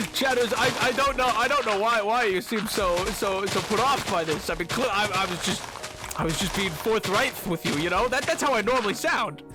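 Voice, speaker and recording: A man streaming a game, chatting casually with his viewers while laughing a lot and stammering over his words. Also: high-pitched. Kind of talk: casual game livestream chat.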